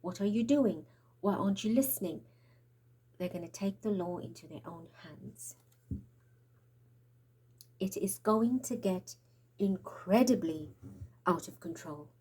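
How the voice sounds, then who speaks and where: A woman's voice: mid-range voice, animated, measured pace, long pauses, warm tone, husky. A woman giving a tarot reading in an urgent, prophetic way, out of breath and trembling, sometimes dropping into whispers. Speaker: tarot reader. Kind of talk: spiritual tarot reading monologue.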